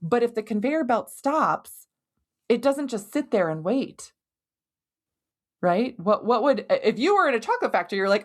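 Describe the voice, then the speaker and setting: A woman hosting a health podcast, explaining in a conversational, animated way and leaning on everyday analogies. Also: medium pitch, a little slow. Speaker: podcast host and hormone health doctor. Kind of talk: educational podcast monologue.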